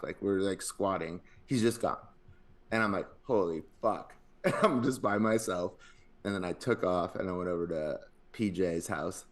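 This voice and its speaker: A man in his thirties, a podcast co-host, rambling through anecdotes full of fillers in casual chat. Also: sits low.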